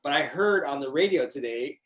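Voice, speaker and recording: A man's voice: a little high, animated, fairly quick, a bit bright, echoey room, rough recording. A man co-hosting a casual video call chat, playfully explaining things at length. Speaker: co-host.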